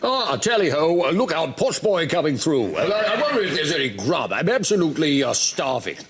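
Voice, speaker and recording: A man's voice: on the high side, big pitch swings, a little fast. A man improvising comic voiceover in a bumbling, blustering posh manner. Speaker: comedy panelist. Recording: noisy studio with loud crowd. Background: studio audience laughter.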